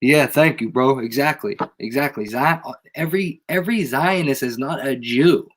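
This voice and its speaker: A channel host with a head cold speaks in a mid-range voice at normal speed. On a casual livestream, he rants to his live audience in emphatic slang, repeating his points over and over.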